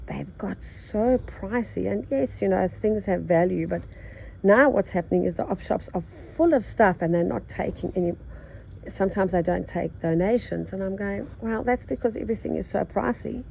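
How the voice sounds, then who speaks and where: A woman's voice: mid-range voice, moderate pace, vocal fry, a little mellow, a little hiss or hum, low-quality recording. An older Australian woman with a nasal voice, chatting in a rambling way while she stitches and teaches embroidery. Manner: rambling, chatty, thinks aloud. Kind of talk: casual chat while stitching.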